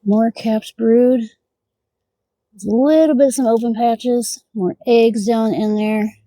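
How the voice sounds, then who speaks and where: A woman with a slightly high voice talks her way through a beehive inspection outdoors. She chats casually and mutters asides half to herself. She also speaks to the bees directly. Her voice sounds dry and close, with little room around it. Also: steady tone, slow pace, mellow, no room sound. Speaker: beekeeper. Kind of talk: casual narration of a hive inspection.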